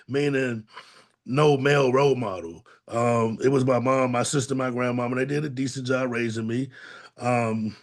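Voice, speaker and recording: Blunt, plainspoken man telling his story. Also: medium pitch. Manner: blunt, plainspoken, with slang and acted-out quotes. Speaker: podcast co-host and domestic violence advocate. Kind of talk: candid conversational testimony.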